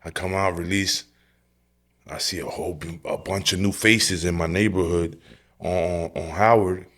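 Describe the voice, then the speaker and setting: A man in his forties giving his personal testimony as a podcast guest, telling it in a streetwise, animated way. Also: low voice, unhurried. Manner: animated storytelling, acting out his own past lines; streetwise, direct, says "bro" and "yo".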